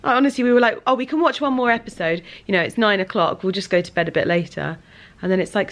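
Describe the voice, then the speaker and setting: A young woman chatting casually in a vlog, animated, with bursts of high baby talk to her dog. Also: quick pace. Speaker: vlogger.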